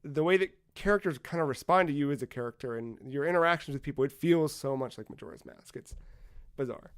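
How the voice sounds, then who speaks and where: A man with a fairly high voice chats on a gaming podcast. He tells stories in an animated way and acts out the characters' lines. He swears casually. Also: quick pace, clean tone. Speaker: podcast co-host.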